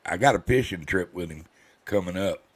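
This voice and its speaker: A husky, low-pitched older man hosts a relaxed chat at a moderate pace, telling rambling, folksy stories in a grumpy drawl and acting out quoted voices.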